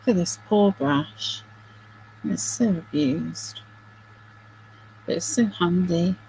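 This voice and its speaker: Middle-aged lady chatting thru a craft demo, unhurried, self-deprecating, giggly asides. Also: lowish voice, animated, vocal fry, darkish tone, a little hiss or hum, low-quality recording. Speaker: craft video host. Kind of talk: casual crafting chat.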